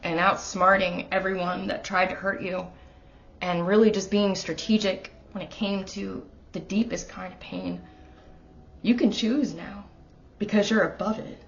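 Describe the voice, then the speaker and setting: A woman's voice: medium pitch, fairly even intonation, measured pace, a little hiss or hum. A woman doing a casual tarot reading in her apartment, speaking in a middle-range voice with a heartfelt, emotional manner. She talks straight to the listener, and the home recording sounds a little dull and lo-fi. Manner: earnest, emotional, talking straight to the viewer. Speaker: tarot reader.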